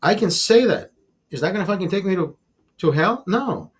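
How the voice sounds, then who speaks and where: A man with a fairly high-pitched voice hosts a casual livestream. He swears freely and talks emphatically. He keeps calling his listeners brother and circles back over the same words as he rants. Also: animated, moderate pace, slightly rough. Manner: repeats and restarts words while ranting. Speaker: livestream host.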